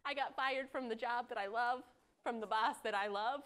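A woman performing a live improv comedy scene on a theater stage, talking in an earnest, deadpan way. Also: a little high, normal speed. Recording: noisy live stage recording. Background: audience laughter.

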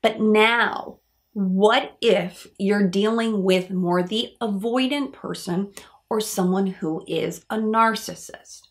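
A woman's voice: medium pitch, slow. Woman psychologist explaining to viewers. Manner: explanatory, asks viewers rhetorical questions. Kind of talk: educational talk to camera.

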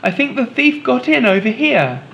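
A man voicing an eager young flying dinosaur girl in a children's storybook, bright and excited. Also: extremely high pitch, normal speed, creaky, slight background noise, pitched above the performer's own voice, heavily acted, rough recording.

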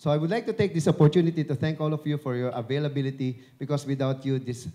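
Before an audience at an event venue, a Filipino dubbing director and broadcaster talks into a handheld mic raised to his chin. He speaks fast in a warm, steady, fairly high voice, keeping things chatty and upbeat while cracking jokes with the crowd.

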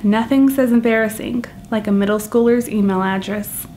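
A young woman with a slightly high voice tells stories about her own awkward moments for a comic vlog. She talks in an animated, self-mocking way, playing up her embarrassment for laughs. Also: moderate pace, slight background noise. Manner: self-deprecating, animated storytelling. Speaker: vlogger. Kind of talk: comedic vlog monologue.

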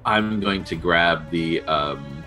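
A man plays his character in a tabletop game, asking the game master careful, hesitant questions. His voice sits very low yet sounds bright and crisp, with faint music behind. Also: takes it slowly. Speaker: player. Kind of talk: casual tabletop play.

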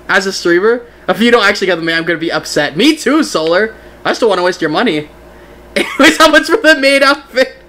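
A young man streaming a game, chatting casually with his viewers in an excitable, giggly way. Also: sits high. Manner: excitable, giggly, talks to chat. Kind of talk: casual live-stream chat.

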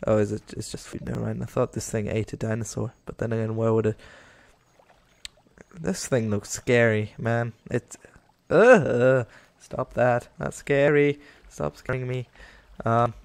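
A man's voice: medium pitch, fairly even intonation, unhurried, creaky, no room sound. A young man giving casual, rambling commentary over a game, talking to the animals on screen and getting exasperated with them. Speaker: gaming YouTuber.

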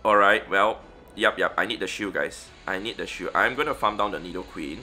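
Young guy narrating his game live, bright lowish voice, faint music behind. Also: brisk. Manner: chatty, thinks aloud, frequent fillers and restarts. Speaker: gaming streamer. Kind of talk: live gameplay commentary.

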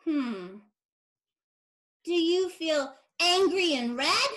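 A woman teacher doing puppet storytelling for children over a video call, speaking in a gentle, childlike sing-song. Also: extremely high pitch, expressive, drawn-out words.

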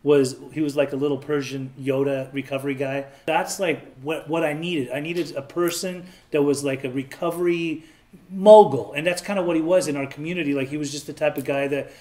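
A man's voice: a little high, fairly even intonation, fairly quick, hardly any pauses, a little mellow. A man in his thirties from Southern California, telling his own story in an interview in a candid, plain-spoken way and acting out the voices of people he quotes.

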